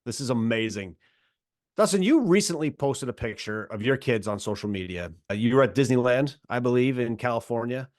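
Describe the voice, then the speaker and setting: A man's voice: mid-range voice, lively intonation, fairly quick, darkish tone, dry recording, clean studio sound. A man hosting a podcast, enthusiastic and upbeat as he welcomes and questions his guest. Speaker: podcast host. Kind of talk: casual podcast interview.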